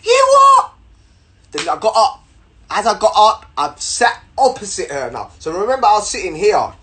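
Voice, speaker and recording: A young man telling a story to camera in an animated, slangy way, repeating words as he goes. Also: sits high, normal speed. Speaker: vlogger.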